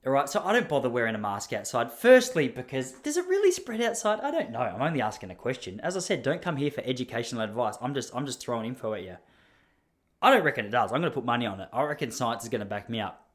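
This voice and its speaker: A man's voice: medium pitch, expressive, quick pace, a bit bright. An Australian man hosting a podcast, telling a story in a casual, ranting way with mock outrage. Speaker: podcast host.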